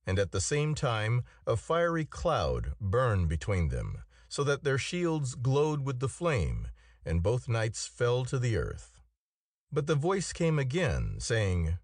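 A man narrating an old tale in a measured, expressive reading. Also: medium pitch, no echo, clean studio sound. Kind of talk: storybook narration.

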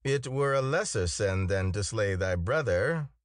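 A man's voice: on the low side, animated, unhurried, dry recording, studio quality. A man reading a pleading old hermit. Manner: pleading, solemn. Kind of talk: storybook reading.

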